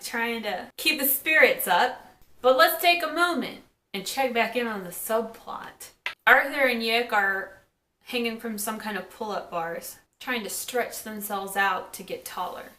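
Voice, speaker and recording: Woman, casual episode recap, chatty asides, high-ish voice, echoey room. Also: pushed and bright. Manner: chatty, quotes characters in quick asides. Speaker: TV episode reviewer.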